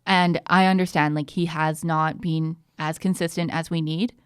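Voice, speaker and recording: A woman's voice: low-pitched, flat delivery, moderate pace, smooth, no echo, studio quality. A woman co-hosting a sports podcast in casual chat, talking as an upbeat fan and using lots of fillers. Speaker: podcast co-host.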